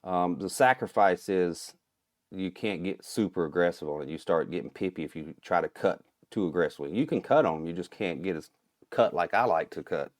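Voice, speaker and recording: Low-voiced man from Minnesota, relaxed podcast guest who explains at length, dry close sound. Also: a little fast, no room sound. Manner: relaxed, explanatory, chuckles often. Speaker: guest, turkey call maker and calling champion. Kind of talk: casual podcast interview.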